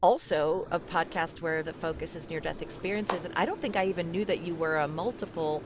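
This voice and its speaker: A woman's voice: on the low side, brisk, background noise. A woman hosting a podcast and interviewing a guest in a casual, hesitant way with lots of fillers. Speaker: podcast host.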